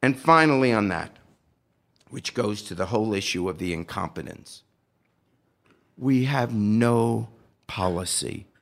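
A man's voice: on the low side, animated, measured pace, pauses often. An older man giving impassioned, indignant political commentary, firing off rhetorical questions with a sarcastic edge. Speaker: podcast guest.

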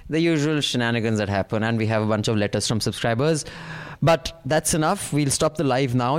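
A man with an Indian English accent hosting a casual political podcast, rambling through the news with jokes. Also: medium pitch. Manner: joking, rambling news rundown. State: out of breath. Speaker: podcast host.

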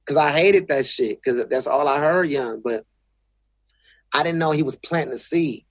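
Husky, profane Los man. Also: a little high, moderate pace, no room sound. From South Central Los Angeles. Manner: blunt, profane, restarts often. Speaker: guest. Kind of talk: casual interview talk.

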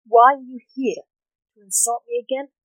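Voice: medium pitch, unhurried, a little mellow, no echo, close to an everyday voice, rough recording. A reader voicing a weary male coroner who moans and complains, read in a plain storytelling voice. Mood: moaning. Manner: complaining, exasperated. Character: grumpy middle-aged male coroner, moaning and weary.

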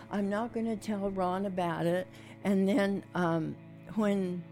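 A woman's voice: lowish voice, gravelly, darkish tone. An older woman recounting a personal story in an interview, rambling and acting out what each person said. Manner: rambling, acts out quoted dialogue. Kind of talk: oral history storytelling.

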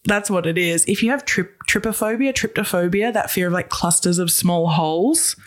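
A woman's voice: fairly low pitch, moderate pace, a little hiss or hum. A woman co-hosting a podcast in casual chat, swearing freely and laughing through her sentences. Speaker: podcast co-host.

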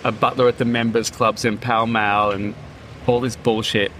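Bright-voiced man telling vivid stories. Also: mid-range voice, level tone, moderate pace, a little hiss or hum. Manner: vivid, theatrical storyteller. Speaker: podcast guest, comedian. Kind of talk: casual storytelling chat.

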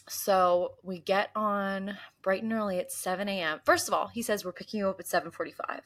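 A young woman from the US East Coast, co-hosting a podcast in casual chat and telling animated stories, mimicking voices and gasping. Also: mid-range voice, a little fast, hardly any pauses. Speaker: podcast co-host.

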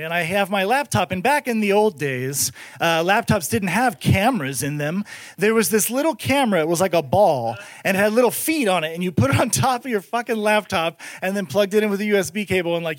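A man telling a comic story in a rambling, profane, animated way. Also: high voice, dry recording. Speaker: comedian.

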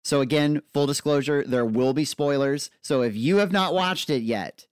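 A young man co-hosting a podcast in casual chat, talking in an excitable, gushing way. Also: on the high side, moderate pace, clean tone, dry recording. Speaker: podcast co-host.

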